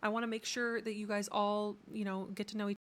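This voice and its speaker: A young woman hosting a live stream, chatting casually with crude jokes and excitable outbursts. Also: medium pitch, brisk. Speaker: livestream host.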